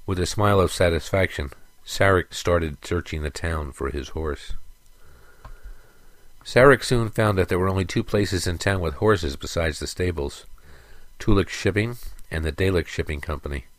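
Casting: male storyteller, very low voice, dry close recording, steady pacing. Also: normal speed, dry recording. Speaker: narrator. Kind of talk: scripted fantasy narration.

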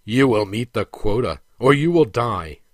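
A man voicing a cruel, contemptuous overseer who speaks slowly and menacingly, in a dry recording. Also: lowish voice, animated, dry recording, lightly acted. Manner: cold and menacing. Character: cruel, contemptuous male slave-master soldier.

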